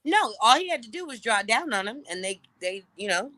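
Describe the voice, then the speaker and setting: A woman, an interview guest, telling a story in casual, profane, animated talk and laughing often. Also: on the high side, brisk, dry recording.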